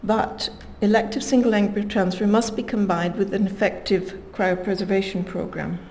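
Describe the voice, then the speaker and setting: A woman giving a scientific conference talk at a measured pace, reading quotes aloud with emphasis. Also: mid-range voice, steady tone, a little mellow, a little hiss or hum, low-quality recording. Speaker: conference speaker.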